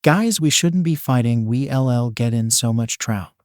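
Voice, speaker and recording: A man's voice: mid-range voice, moderate pace, no echo, studio quality, natural voice. A man voicing a goofy, timid masked teenage boy who whines and pleads. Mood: pleading. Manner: whiny, pleading.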